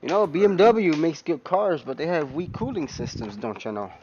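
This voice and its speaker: A man's voice: on the high side, animated, normal speed, darkish tone, lo-fi sound, slight background noise, pitched above the performer's own voice, close to an everyday voice. A man jokingly mimicking a folksy Minnesota accent on a racing game live stream. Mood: folksy mocking. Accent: mock Minnesota. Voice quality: chatty, rambling, laughs often.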